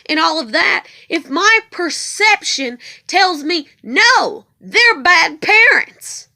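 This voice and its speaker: A woman's voice: very high voice, bright, forceful tone. A woman in an emotional, angry monologue vlog, swearing heavily and hammering her points through repetition. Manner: heavily profane, ranting. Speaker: vlogger.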